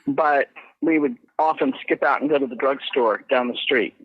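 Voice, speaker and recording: A woman's voice: very deep voice, moderate pace, breathy edge, no room sound. A woman from Richmond, Virginia, calling in to the show and rambling through old memories. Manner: reminiscent, rambling. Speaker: caller, old friend. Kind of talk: phoned-in reminiscing. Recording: dull, dry phone line.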